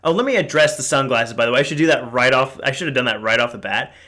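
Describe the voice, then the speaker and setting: A man's voice: mid-range voice, fast, pushed and bright. A young man hosting a casual solo podcast, telling a rambling story with lots of fillers and swearing. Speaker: podcast host. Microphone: podcast mic.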